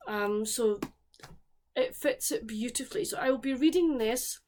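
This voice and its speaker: A woman's voice: fairly high pitch, moderate pace, a little mellow, slight background noise. A woman chatting casually as a book vlogger, rambling with friendly asides to her viewers. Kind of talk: casual vlog chat.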